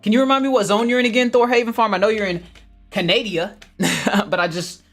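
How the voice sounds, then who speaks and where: A man runs a relaxed gardening livestream, reading out viewer comments with lively, cheerful chatter, laughing often and calling his viewers family. His voice sits high and he talks fast, with soft music playing in the background.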